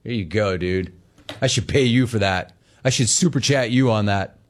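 A man in his forties hosting a sports talk show, telling stories in a lively, animated way and imitating his dad. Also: on the low side, moderate pace. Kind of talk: casual talk show monologue.

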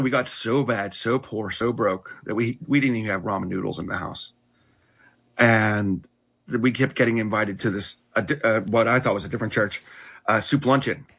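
A middle-aged man earnestly telling his life story in conversation, halting and restarting often. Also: fairly low pitch, fairly bright tone, husky. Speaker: guest telling his testimony.

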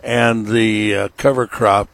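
A middle-aged man hosting a radio gardening show, giving slow, folksy, instructive advice. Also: on the low side, steady tone, fairly bright tone, dry recording.

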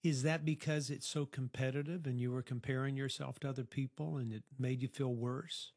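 A man's voice: mid-range voice, fairly even intonation, fairly quick, darkish tone, dry recording, clean studio sound. A middle-aged man interviewing a teenager at a youth program, asking probing, reflective questions. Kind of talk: counseling-style interview.

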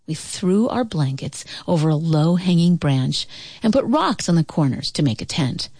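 A woman reading a children's story aloud in an expressive, animated way. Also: low-pitched, moderate pace, breathy edge, no room sound, clean studio sound.

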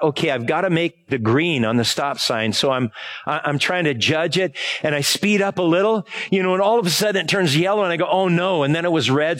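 Chatty man preaching a rambling sermon. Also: fairly high pitch. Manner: rambling, conversational, asks the congregation for words. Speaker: pastor. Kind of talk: informal sermon with a personal story.

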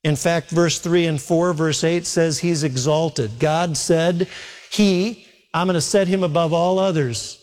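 A man's voice: on the high side, unhurried. Preaching man in a reverberant church. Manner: animated preaching, rhetorical questions. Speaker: pastor. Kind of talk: sermon.

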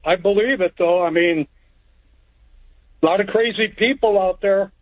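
A male caller heard over a tinny phone line, his voice high for a man. He tells his story in a plainspoken, rambling way and restarts his sentences. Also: unhurried. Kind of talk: telling a story on a call-in show. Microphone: telephone.

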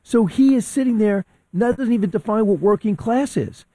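A man's voice: high-pitched, moderate pace, no room sound. A man on talk radio giving heated opinionated commentary, acting out quotes as he argues. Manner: animated, quotes people in acted voices.

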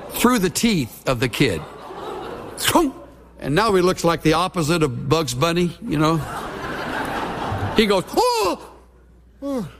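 A man's voice: a little high, long reverb tail, slight background noise. A middle-aged man, a pastor preaching a sermon with folksy, humorous storytelling.

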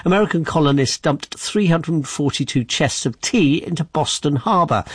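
Husky-voiced radio news guy, steady scripted delivery, dry sound. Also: mid-range voice, no echo. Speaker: news presenter.

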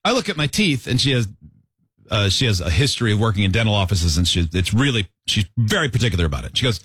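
A man's voice: on the low side, lively intonation, quick pace, a bit bright, slightly rough, no echo. A married man co-hosting a podcast, joking and playful as he teases the others and tells stories. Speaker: podcast co-host. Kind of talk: casual chat.

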